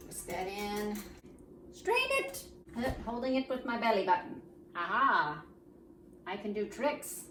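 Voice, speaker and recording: A woman's voice: mid-range voice, a little slow, fairly bright tone, far from the mic, slight background noise. Playful woman baking in an echoey kitchen. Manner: goofy, jokes and chats to herself while working. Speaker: baking show host. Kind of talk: playful cooking demonstration.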